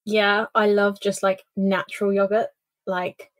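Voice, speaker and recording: A woman's voice: mid-range voice, little pitch movement, unhurried, no echo. A woman chatting casually on a podcast, enthusiastic and stumbling over her words. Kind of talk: casual chat.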